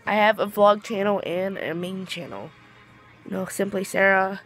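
A woman's voice: medium pitch, moderate pace, a bit bright, faint music behind. A teenage girl chatting casually to her vlog camera, tired, rambling and restarting her sentences with giggles. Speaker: vlogger.

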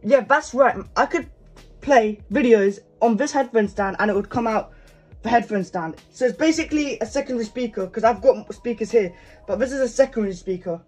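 A man's voice: very high voice, fairly quick, soft background music. A young man in his teens, chatting casually as he shows off his gaming setup at his desk. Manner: chatty, showing things off as he goes. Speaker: gaming YouTuber. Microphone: desk microphone.

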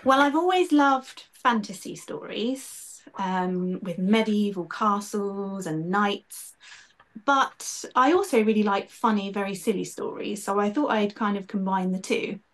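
A woman's voice: mid-range voice, a little slow. A woman, a children's author, chatting in an interview and reading from her book, laughing easily.

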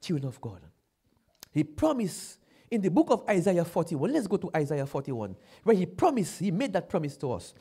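Guy preaching a sermon, high voice that jumps all over, says stuff twice and gets loud. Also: very animated, moderate pace, husky. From Dominica. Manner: repeats phrases, builds to loud exclamations.

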